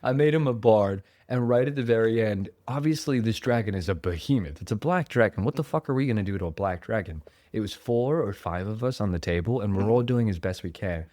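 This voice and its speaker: A man's voice: on the low side, expressive, brisk, hardly any pauses, warm tone, no echo, studio quality. A man hosting a podcast, casually telling a game story with lots of laughs, swearing and acted-out quotes. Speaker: podcast host and dungeon master.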